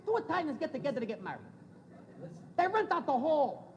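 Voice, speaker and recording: A man's voice: very high voice, very animated. A male stand-up comedian telling a story with punchy timing and silly sound effects. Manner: brisk punchy joke delivery with sound effects. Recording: echoey hall with loud crowd laughter and noise. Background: crowd laughing.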